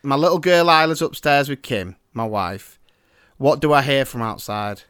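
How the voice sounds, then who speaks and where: A man in his thirties hosting a podcast, telling an animated story in casual chat. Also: mid-range voice, normal speed, smooth, dry recording, studio quality. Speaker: podcast host. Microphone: remote call.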